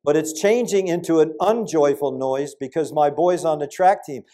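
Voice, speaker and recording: With a slightly high voice at a normal speed, an older preacher relates stories in his sermon. His delivery is lively, jumping between sudden loud moments and soft side remarks.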